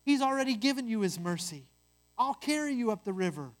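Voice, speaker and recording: A calm, patient firstborn son sent to bring his brothers home, voiced by a storyteller. He speaks steadily, close to the narrator's own voice. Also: mid-range voice, brisk, lightly acted.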